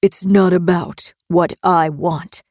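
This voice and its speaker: A calm male captor read by a woman narrator speaks slowly and quietly, each word measured. The voice sits low and level, close and dry, with no warmth in it. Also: no room sound. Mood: cold. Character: calm, cold male captor, middle-aged.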